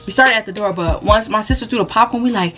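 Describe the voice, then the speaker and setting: Young woman, animated storyteller, slangy and laughing, faint music behind. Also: mid-range voice, fast talker. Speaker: vlogger and small shop owner. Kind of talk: casual storytime.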